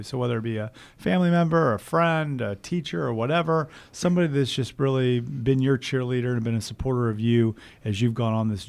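A man hosting a casual interview, upbeat and chatty, full of praise for his guests, recorded indoors at a theater venue. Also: medium pitch. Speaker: interview host.

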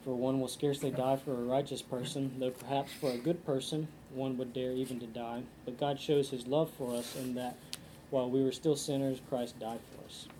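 A man's voice: mid-range voice, flat delivery, normal speed, mellow, slight background noise. Earnest man leading a Bible study. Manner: earnest, thinking aloud with frequent ums; reads scripture passages aloud. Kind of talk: casual Bible study discussion.

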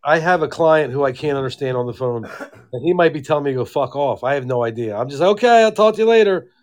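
A man's voice: medium pitch, quick pace. A man co-hosting a podcast over a phone call, blunt and teasing, swearing freely. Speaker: podcast co-host. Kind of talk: casual chat.

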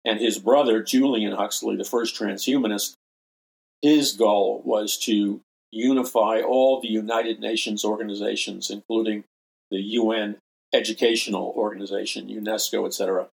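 Gravelly, fervent older preacher man. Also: lowish voice, steady tone, moderate pace, poor audio. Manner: emphatic, repeats phrases for stress. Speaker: minister and show host. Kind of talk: impassioned preaching commentary.

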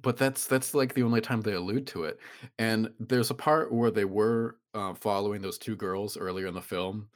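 A man's voice: on the low side, normal speed. A man co-hosting a podcast, chatting casually and critically about a film and mocking the people in it. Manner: animated, critical, quotes people with mocking voices. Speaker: podcast co-host.

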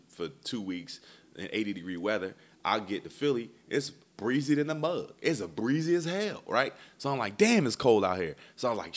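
Deep-voiced man ranting through a story. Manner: animated, profane, swings from low mutter to loud exasperation. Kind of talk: casual storytelling rant.

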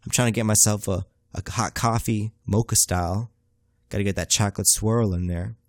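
A man's voice: fairly low pitch, fairly even intonation, normal speed, no echo, studio quality. A young man hosting a podcast, telling a comic story in a laid-back, profane, slang-heavy way. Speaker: podcast host. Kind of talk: comedic storytelling monologue.

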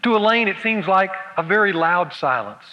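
Male pastor, high and bright, humorous storytelling sermon; long hall reverb, dull lo-fi tape. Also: lively intonation, moderate pace.

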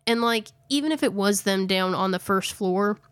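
A woman's voice: medium pitch, normal speed, smooth, no room sound. A woman host chatting casually, recapping a video with lots of fillers and self-corrections, a little out of breath. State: slightly out of breath. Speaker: podcast host. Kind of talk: casual chat recapping a ghost-hunting video.

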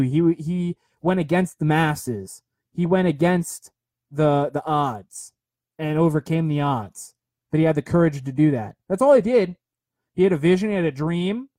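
Young guy rambling earnestly about confidence on a phone livestream, kinda high voice, dry sound. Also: mellow, dry recording. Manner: rambling, earnest, repeats himself with many fillers. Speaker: motivational livestream host. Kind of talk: casual motivational talk.

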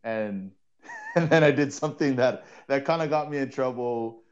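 A man from Hawaii, co-host and former player and coach, telling stories in an animated, laughing way and often repeating words. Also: medium pitch, moderate pace, lo-fi sound. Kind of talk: casual storytelling in a podcast chat.

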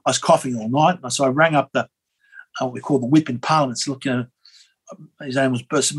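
Husky-voiced Australian man telling a story. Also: mid-range voice, fast talker, poor audio. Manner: rambling and animated, with frequent fillers and restarts. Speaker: interview guest, former member of parliament. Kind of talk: conversational storytelling.

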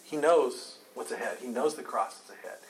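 A man's voice: mid-range voice, moderate pace, rough recording. A man teaching a Bible study class, earnest and emphatic, taking questions from the group.

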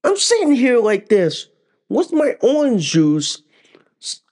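A man's voice: very high voice, wildly swooping pitch, takes it slowly, darkish tone. A man hosting a political podcast, ranting in a heated, profane, repetitive way while getting over a head cold.

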